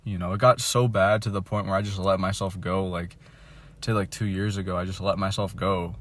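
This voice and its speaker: Dejected young man venting, low voice. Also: fairly even intonation, fairly quick, fairly bright tone, a little hiss or hum. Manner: mumbling, trailing off, heavy swearing, mocks others in a high voice. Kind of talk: candid venting monologue.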